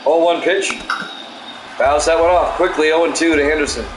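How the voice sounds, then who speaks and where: Calm man calling a baseball game. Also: a little high, normal speed. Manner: calm, self-described soothing delivery with asides. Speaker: play-by-play announcer. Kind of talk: solo play-by-play of a simulated baseball game, chatting with stream viewers. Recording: echoey room with loud background noise.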